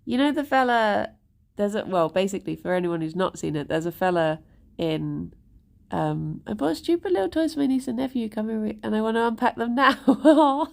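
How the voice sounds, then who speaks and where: Her voice a little high with vocal fry and lively intonation, a woman chats in a rambling way on a casual live stream at normal speed. She greets viewers, laughs a lot, and speaks softly to her rabbits, at times in a whisper.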